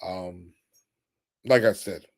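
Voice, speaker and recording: Speaking slowly in a low voice, a weary young livestream host keeps things casual. He laughs a lot, reads out comments from viewers, and crudely mocks someone in trash-talking fashion.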